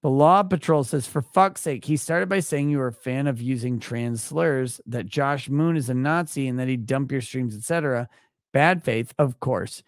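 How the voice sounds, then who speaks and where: A man hosting a livestream, brash and foul-mouthed, reading viewer messages aloud in loose, casual talk. His voice sits at an ordinary middle pitch. The sound is close and dry, with no room around it. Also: normal speed, no echo. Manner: crude, profane, brash. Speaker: livestream host.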